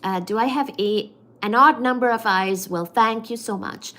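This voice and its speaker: A woman's voice: a little high, normal speed, pushed and bright. Chatty woman reading a livestream chat. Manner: chatty, affectionate, playful. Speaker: livestream host. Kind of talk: reading live chat comments.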